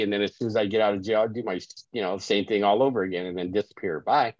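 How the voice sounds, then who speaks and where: Low-voiced man telling his story. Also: steady tone, quick pace, hardly any pauses, no room sound. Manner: conversational, keeps asking "right?". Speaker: sobriety coach guest. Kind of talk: casual storytelling interview. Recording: dry, dull lo-fi call audio.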